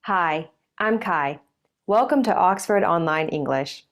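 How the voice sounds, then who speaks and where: A woman presenting a scripted English pronunciation lesson, speaking clearly and stressing example sentences. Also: lowish voice, expressive. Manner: clear, measured, over-stressed model sentences. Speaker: online English teacher.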